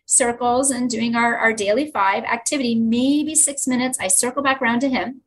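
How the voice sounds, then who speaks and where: A woman's voice: fairly high pitch, steady tone, normal speed, slight background noise, rough recording. A woman teacher speaking as a podcast guest, telling classroom stories with enthusiasm. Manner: enthusiastic storyteller, acts out children's voices. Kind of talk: conversational podcast interview.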